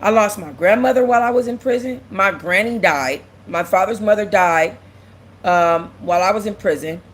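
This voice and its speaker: At normal speed and in a mid-range voice, a young livestream host talks candidly and is close to crying. It's emotional, casual stream talk in which she repeats herself and reads and answers viewer comments.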